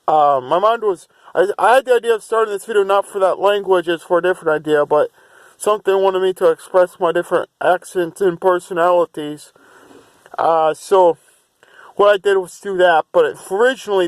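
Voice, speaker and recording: A man's voice: high-pitched, no room sound. A man talking to camera in a rambling vlog monologue, restarting and repeating himself, and at times chanting long runs of made-up syllables in a raised voice.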